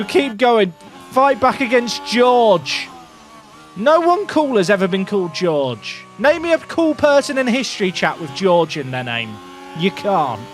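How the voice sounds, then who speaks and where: A young man giving excitable, jokey commentary while playing a racing game, talking to his chat and shouting at his drivers. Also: high voice. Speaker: gaming video creator. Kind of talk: casual gameplay commentary.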